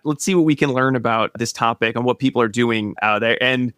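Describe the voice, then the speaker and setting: A man's voice: mid-range voice, fairly quick, a bit bright, clear, resonant tone, dry recording, clean studio sound. A man hosting a podcast in a casual, joking way, rambling a bit with restarts as he introduces a guest. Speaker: podcast host.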